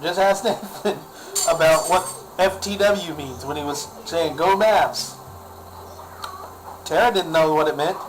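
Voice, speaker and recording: A man's voice: a little high, measured pace, long pauses, a little hiss or hum, rough recording. A man ranting in a casual vlog, exasperated and sarcastic, often repeating himself. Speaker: vlogger.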